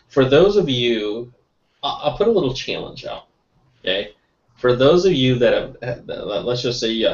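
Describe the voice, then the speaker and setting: A man giving a casual motivational sales talk, lively and often tagging on "right?". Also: medium pitch. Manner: lively, keeps adding "right?", laughs often. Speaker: guest sales trainer. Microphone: webinar call mic. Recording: roomy, distant, dull call audio.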